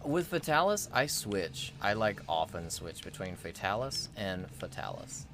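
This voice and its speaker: A man's voice: deep voice, a little slow, over music. A man co-hosting a gaming livestream, chatting casually and rambling playfully. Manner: rambling, playful, fond of mock pronunciations. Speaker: livestream co-host. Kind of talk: casual gaming stream chat.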